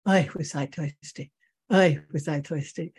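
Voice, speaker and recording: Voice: medium pitch, fairly even intonation, a little slow, a little mellow, breathy edge. A meditation teacher voicing a thirsty old man on a train, in a Yiddish accent, sighing and plaintive. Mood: relieved.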